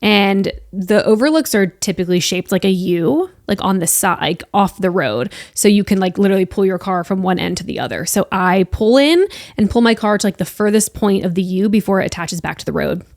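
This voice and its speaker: Young female podcast host, casual animated storyteller, mid-pitched voice, dry close recording. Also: a little fast, gravelly, few pauses, no room sound. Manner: animated, breathless retelling with frequent "like" fillers.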